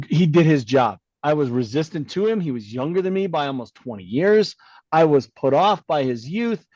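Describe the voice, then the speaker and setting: His voice is a little high, and the sound is lo-fi with no echo. In a casual podcast chat, the middle-aged co-host bluntly recounts something that happened to him, animatedly doing voices for everyone he quotes.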